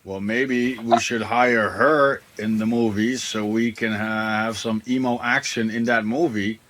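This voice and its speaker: A young man co-hosting a comedy podcast, chiming in with quiet deadpan remarks. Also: mid-range voice, measured pace, background noise. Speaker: podcast co-host.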